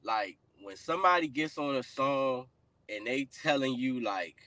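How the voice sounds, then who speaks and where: A man hosting a casual podcast, rambling with lots of fillers and often trailing off quietly. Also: mid-range voice, lively intonation, a little slow, dry recording. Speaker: podcast host.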